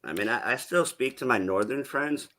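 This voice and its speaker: Guy from new england who picked up a southern twang, bright sharp voice, rambles and cusses. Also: medium pitch, animated, normal speed. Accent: Southern-tinged New England. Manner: rambling, swears, laughs often. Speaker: panelist. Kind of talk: casual chat.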